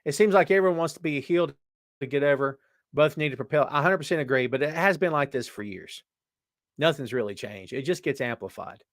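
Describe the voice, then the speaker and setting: A man's voice: on the high side, fairly quick, no echo, clean studio sound. A man hosting a casual live show, chatting and joking as he reads viewer comments aloud. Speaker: podcast host. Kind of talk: casual live-stream chat.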